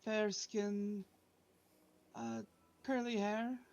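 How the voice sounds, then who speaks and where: A woman player talks through her character in a casual, hesitant way, pausing with uhs. Her voice comes through a dull, lo-fi microphone. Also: mid-range voice, level tone, darkish tone. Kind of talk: casual tabletop roleplay. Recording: dull lo-fi mic.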